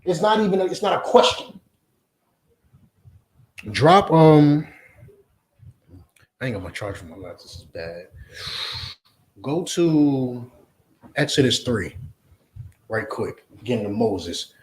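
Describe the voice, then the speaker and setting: Forceful preaching man in an echoey room. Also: mid-range voice, sing-song, slow, long pauses. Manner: blunt, forceful, repetitive questioning. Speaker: Hebrew Israelite teacher. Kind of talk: confrontational preaching lesson.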